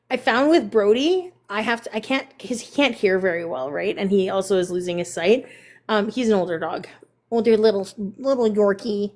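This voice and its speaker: A woman hosting a casual live stream, chatting with viewers and cooing at her dogs in a high baby voice. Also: a little mellow. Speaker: livestream host.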